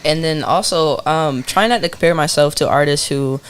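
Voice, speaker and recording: A man, a rapper guest, talking in a laid-back, soft-spoken way on a podcast and laughing often. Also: fairly high pitch, normal speed, a little hiss or hum. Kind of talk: casual podcast chat.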